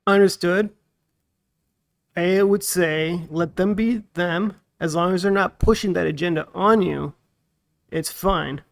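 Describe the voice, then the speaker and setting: Podcast host guy, pretty high voice with a gravelly edge, calmly explaining his take. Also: slow pace. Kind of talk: casual chat.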